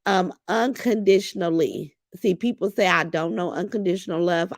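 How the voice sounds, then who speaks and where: A middle-aged woman talks to her livestream viewers, reading their comments aloud and reminiscing with feeling. Her voice has a gravelly, creaky edge, and the sound is close and dry with no room echo. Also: on the low side, normal speed. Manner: emotional, reminiscing, warmly addresses viewers as "y'all". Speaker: livestream host.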